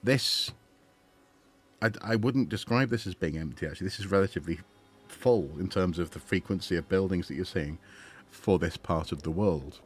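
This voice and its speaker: A man's voice: low-pitched, moderate pace, husky. A man streaming a game, chatting and musing with lots of fillers and restarts. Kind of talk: gaming livestream commentary.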